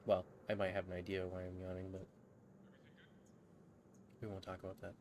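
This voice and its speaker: A man's voice: deep voice, monotone, normal speed. A man streaming a game, chatting casually and joking, sleepy and yawning after a late night. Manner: laid-back, jokey, chuckles often. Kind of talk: casual gaming stream chat. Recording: background game ambience noise.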